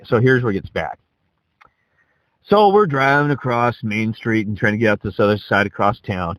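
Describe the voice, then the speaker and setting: A man's voice: on the low side, animated, fairly quick, a bit bright, no room sound, rough recording. A man telling a rambling, profane anecdote in a casual way, often checking in with "right?". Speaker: storyteller.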